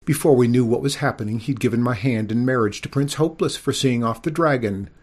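A man's voice: mid-range voice, a little fast, darkish tone, close to an everyday voice. A man voicing a tearful young princess, speaking in a raised, wailing voice. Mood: distressed.

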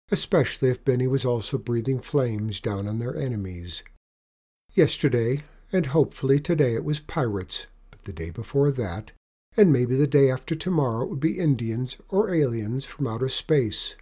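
Male storyteller, mellow tone, lively read-aloud of a children's adventure. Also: mid-range voice, normal speed. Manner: expressive, animated story reading.

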